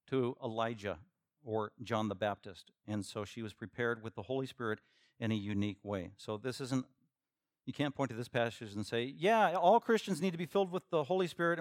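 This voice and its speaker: A man preaching a verse-by-verse sermon as pastor, shifting from quiet teaching to loud, emphatic bursts. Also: no echo, studio quality. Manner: acts out imagined listeners in a higher voice. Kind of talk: expository sermon.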